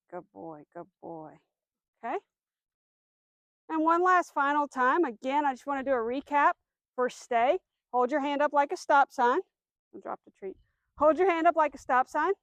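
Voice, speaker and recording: A woman dog trainer giving a demonstration outdoors, explaining steps clearly, giving firm commands and soft praise to the dog. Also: sits high, no room sound.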